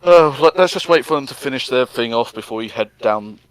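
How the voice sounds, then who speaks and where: A man casually chatting on a podcast, rambling through his thoughts and often jumping into high mock voices. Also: expressive, quick pace, fairly bright tone, no room sound. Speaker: podcast co-host. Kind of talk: casual chat.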